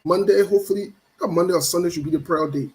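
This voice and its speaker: A man's voice: high voice, fast, a little mellow, poor audio. A middle-aged man hosts a casual live stream, greeting viewers by name in a playful, teasing way and repeating his phrases. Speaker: show host.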